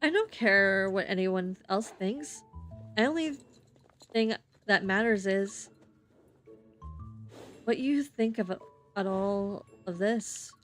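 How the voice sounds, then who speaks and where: A woman reads game story narration on a stream, slowly and unhurriedly. She often trips over words and goes back to correct herself, and faint music plays behind her. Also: medium pitch. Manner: halting reading with frequent slips and restarts.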